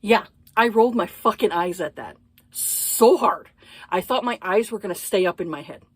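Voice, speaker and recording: A woman's voice: medium pitch, lively intonation, moderate pace, slightly rough, no room sound. A woman giving a casual book review, blunt and profane, exasperated, with lots of hesitant fillers.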